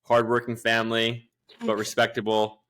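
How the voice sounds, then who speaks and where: A man's voice: medium pitch, monotone, normal speed, fairly bright tone, clear, resonant tone. A young man co-hosting a sports podcast, laid back and dry in his jokes. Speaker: podcast co-host. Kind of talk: casual sports chat.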